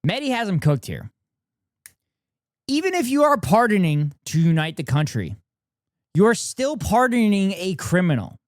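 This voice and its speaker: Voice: mid-range voice, sing-song, a little slow, long pauses, dry recording, studio quality. A streamer reacting to a debate video with exasperated, profane, incredulous commentary.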